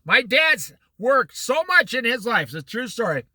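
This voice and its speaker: Man, middle-aged, Bible study teacher, very lively pitch, dry close sound. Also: normal speed, dry recording. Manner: animated storytelling with quoted voices.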